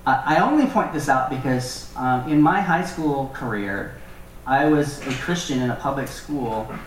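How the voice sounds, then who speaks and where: A man's voice: medium pitch, slight background noise. Guy doing a chill bible study, jokey asides, mic kinda far off, roomy echo. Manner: conversational, joking asides. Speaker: Bible teacher. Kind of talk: casual Bible teaching. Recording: echoey room from far off.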